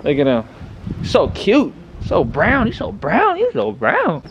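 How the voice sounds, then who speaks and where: A man casually vlogging outdoors on a handheld phone, chatty and laughing often, slipping into high coaxing baby talk with his dog. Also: huge pitch swings, a little slow, lo-fi sound, a little hiss or hum. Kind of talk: casual vlog narration. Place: outdoors in a city park and streets.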